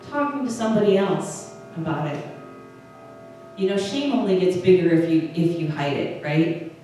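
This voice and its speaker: Woman pastor giving a sermon, kinda low mellow voice, mic far off in a really echoey room. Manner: conversational, with halting restarts. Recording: distant mic in a very echoey room with faint noise.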